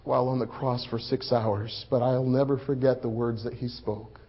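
A man playing a grieving male disciple in a dramatic first-person sermon, swelling loud for the crowd and sinking hushed and low. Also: level tone, moderate pace, breathy edge. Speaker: preacher in first-person monologue. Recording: muffled lo-fi recording.

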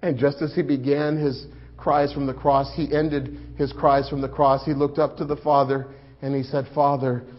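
A man playing a grieving male disciple in a dramatic first-person sermon, swelling loud for the crowd and sinking hushed and low. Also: flat delivery, moderate pace, hardly any pauses, lightly acted. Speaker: preacher in first-person monologue. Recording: muffled lo-fi recording.

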